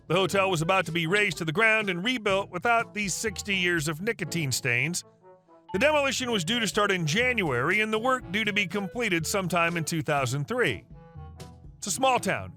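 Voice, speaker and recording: A man narrates online stories in a wry, scripted way. His voice is high and bright. Faint music plays underneath.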